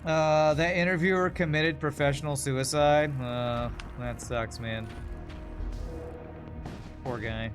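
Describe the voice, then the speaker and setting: A man's voice: a little high, fairly even intonation, slow, long pauses, faint music behind. A man streaming a video game, chatting casually and answering viewer questions while he plays. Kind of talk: casual gameplay commentary.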